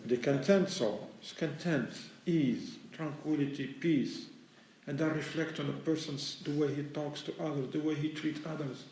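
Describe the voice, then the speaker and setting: A man's voice: a little high, normal speed, darkish tone, a little hiss or hum. A man giving a conversational religious lecture in plain, explanatory speech, speaking English with non-native grammar. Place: mosque lecture room. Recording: very echoey hall, mic far away.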